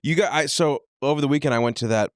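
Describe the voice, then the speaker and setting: A man's voice: on the high side, quick pace, no echo, studio quality. A man co-hosting a podcast in casual banter, rambling and often cutting himself off mid-sentence. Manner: rambling, self-interrupting, laid-back. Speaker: podcast co-host.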